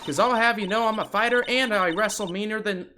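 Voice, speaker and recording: Brash Southern gal, played by a woman streamer, loud folksy drawl, sassy, high-pitched, game music underneath. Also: a little fast, slight background noise, close to an everyday voice. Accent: American Southern drawl, put on.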